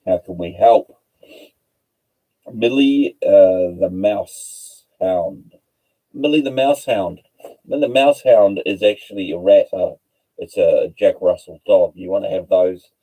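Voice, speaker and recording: A man hosting a casual livestream, rambling and halting, stumbling over hard words and spelling them out letter by letter. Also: low voice, mellow, low-quality recording. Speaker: livestream host.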